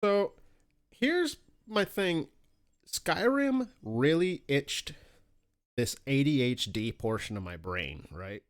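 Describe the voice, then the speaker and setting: A man co-hosting a casual podcast, telling gaming stories with lots of swearing and excited squeaky voices for his asides. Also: slow, smooth. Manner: animated storytelling, swears freely, jumps up in pitch for quoted asides. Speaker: podcast co-host.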